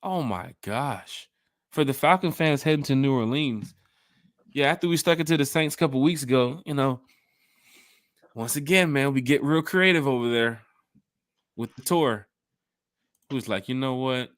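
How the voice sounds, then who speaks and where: A man co-hosting a casual sports fan podcast, hyped and slangy, shouting out viewers in the chat. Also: medium pitch, moderate pace, long pauses, dry recording, clean studio sound. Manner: animated, hype, slangy, reads chat shout-outs. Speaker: podcast co-host.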